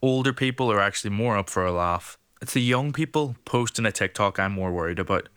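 A man's voice: lowish voice, a little fast, fairly bright tone, clear, resonant tone, no echo. A man talking wryly about his comedy shows. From Ireland. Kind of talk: reflective talk about comedy.

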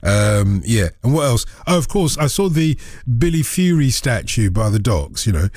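Male radio host, playful phone-in banter, lively up-and-down pitch, dry studio sound. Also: moderate pace, no echo. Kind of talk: casual phone-in chat. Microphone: studio microphone.

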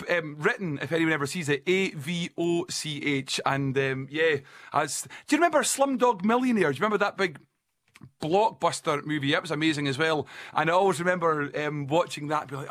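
A man's voice: on the high side, lively intonation, moderate pace, a bit bright. A Scottish man presenting a radio show, chatting casually, reading out listener messages and joking about place-name pronunciations.

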